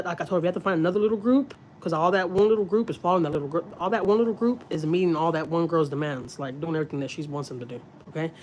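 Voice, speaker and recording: A woman's voice: sits low, darkish tone, a little hiss or hum. A woman from Texas, a mother, talking candidly on a livestream in a rambling, profane way with many restarts. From Houston, Texas. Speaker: mother livestreaming to her channel.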